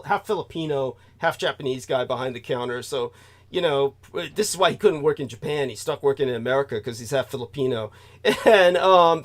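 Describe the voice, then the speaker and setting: A man hosting a talk show, rambling through a profane, digressive monologue and laughing at his own remarks. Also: fairly high pitch. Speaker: host.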